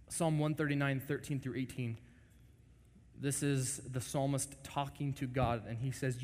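A man in his twenties preaching a lively, joking sermon to a congregation, often acting out quoted voices. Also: medium pitch, normal speed. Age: 20s. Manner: animated, jokey, acts out quoted voices. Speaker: pastor. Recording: long reverb of a large hall.

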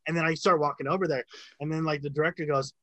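A man's voice: fairly high pitch, fairly even intonation, fast talker, pushed and bright, poor audio. A man in casual chat, telling a long story about working sound on a film set, with lots of filler words and swearing.

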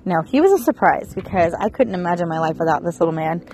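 A woman in her thirties from Florida, chatting casually to her viewers in an expressive vlog, recorded outdoors. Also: fairly low pitch, quick pace, a little hiss or hum, poor audio. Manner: chatty and expressive, rising into excited bursts. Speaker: vlogger.

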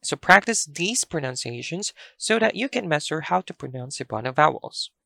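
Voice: mid-range voice, sing-song, moderate pace, creaky, pushed and bright, no room sound. A language teacher giving a pronunciation lesson, explaining carefully and drawing out the sample words.

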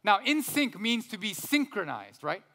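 A man in his thirties preaching a sermon as pastor, animated, with joking asides to the congregation. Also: sits high, moderate pace. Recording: reverberant hall.

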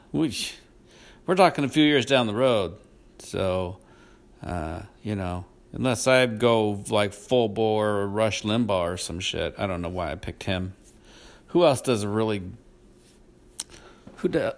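A middle-aged man hosting his own podcast, talking in a rambling, profane, self-deprecating casual monologue. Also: fairly low pitch. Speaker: podcast host.

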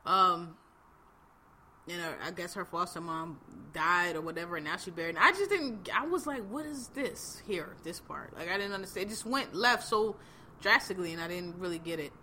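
Bright-voiced woman chatting bluntly. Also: fairly low pitch, a little fast, a little hiss or hum. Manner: blunt, laughing, heavy slang and fillers. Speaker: podcast host. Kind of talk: casual chat recapping reality TV.

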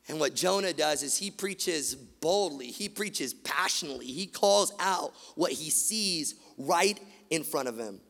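A man preaching with a gravelly, somewhat high voice. He swings between loud, emphatic bursts and quiet, hushed stretches. His voice rings out with long reverb in a big hall. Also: unhurried, few pauses. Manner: animated preaching, rising loud then dropping to hushed. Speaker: pastor. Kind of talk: sermon.

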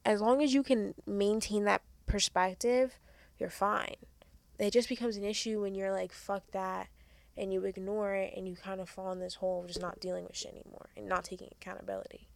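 A woman's voice: mid-range voice, steady tone, fairly quick, creaky, dry recording. A young woman hosting a podcast, giving frank, earnest advice in casual chat and swearing freely. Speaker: podcast host.

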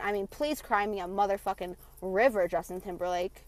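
A woman's voice: medium pitch, fast talker, few pauses, no room sound. A young woman hosting her own podcast, delivering a passionate, sarcastic, profanity-laced rant. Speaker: podcast host. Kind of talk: ranting monologue.

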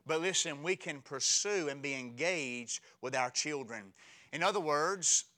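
Bright high-voiced preacher, lively sermon. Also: male voice, measured pace. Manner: humorous storytelling, lively and conversational. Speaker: pastor.

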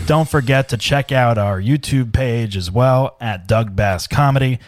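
A man's voice: mid-range voice, a little slow, faint music behind. A man hosting a comedy podcast in casual, rambling, joking chat with many fillers. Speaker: podcast host. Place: home studio.

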